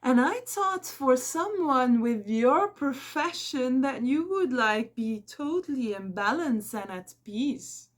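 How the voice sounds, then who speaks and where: A woman's voice: sits high, expressive, takes it slowly, hardly any pauses, pitched above the performer's own voice. A woman doing a snide, condescending woman. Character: condescending adult woman acquaintance.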